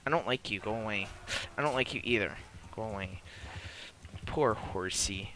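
Sharp-voiced swearing gamer man. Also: fairly low pitch, moderate pace. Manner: constant swearing, frustrated outbursts at enemies; self-aware, admits he is new to the game. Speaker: gamer playing a multiplayer beta. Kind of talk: live gameplay commentary.

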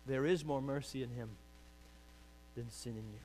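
A man preaching a sermon as pastor, urging loudly and then dropping to quiet pleading. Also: mid-range voice, moderate pace, slight background noise. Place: church sanctuary.

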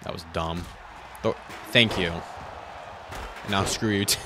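A young man giving frustrated, sarcastic commentary over his own video game play, swearing and swinging from mutters to yells. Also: low voice, steady tone, slow pace, noisy background. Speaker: gaming YouTuber.

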